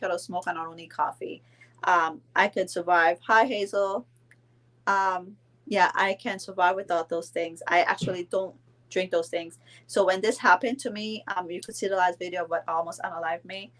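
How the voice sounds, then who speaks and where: Chatty woman from Belize. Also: medium pitch. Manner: chatty, rambling, many fillers and restarts. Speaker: vlogger. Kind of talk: casual live-stream chat.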